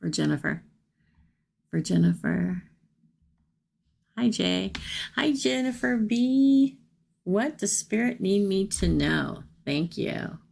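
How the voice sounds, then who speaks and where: A woman's voice: mid-range voice, expressive, slow pace, vocal fry, long pauses, darkish tone. A middle-aged woman doing live tarot readings, chatty and exclaiming over cards, addressing viewers by name. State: emotional after crying all night. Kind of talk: live-stream tarot reading, casual chat.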